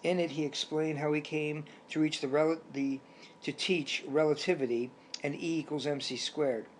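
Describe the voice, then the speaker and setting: A man voicing a wise old male turtle mentor who speaks in a measured, questioning way in a storybook. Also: fairly high pitch, fairly even intonation, a little hiss or hum, close to an everyday voice. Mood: reflective.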